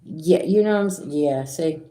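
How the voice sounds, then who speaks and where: A middle-aged woman, a spiritual reader talking casually and directly to her viewers in a rambling, animated way. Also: deep voice, normal speed. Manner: animated, rambling, talks straight to viewers with asides. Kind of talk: casual direct-to-camera talk.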